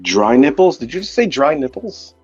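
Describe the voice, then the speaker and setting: A man joining a live drawing stream as a guest, playful and quick with jokes and reactions. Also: medium pitch, sing-song, soft background music. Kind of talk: casual chat on a live stream. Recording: dull lo-fi call audio.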